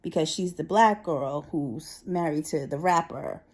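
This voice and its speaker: A woman's voice: low voice, unhurried. A woman talking casually, telling stories in a chatty way and acting out what her coworkers said. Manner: chatty, animated quoting of coworkers. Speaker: vlogger. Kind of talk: casual storytelling vlog.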